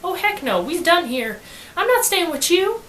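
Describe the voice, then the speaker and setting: A woman's voice: very high-pitched, sing-song, normal speed, a bit bright, roomy sound, pitched above the performer's own voice, heavily acted. A woman voicing a sassy young woman who is picky about men. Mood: defiant.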